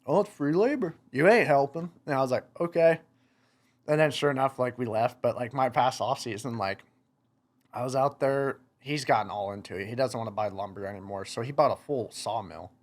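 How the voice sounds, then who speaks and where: A young man, a podcast guest, telling stories in casual chat, animated, laughing and acting out what people said. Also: medium pitch, fairly quick. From United States. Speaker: podcast guest, motocross racer. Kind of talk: casual storytelling.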